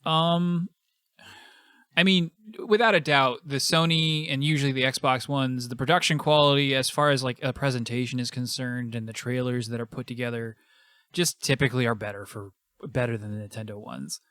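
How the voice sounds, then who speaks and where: This gaming podcast co-host has a clear, resonant, fairly bright voice of medium pitch, with fairly even intonation and a normal speed. He comes across as easygoing and agreeable in casual chat, recorded in clean studio sound with no echo.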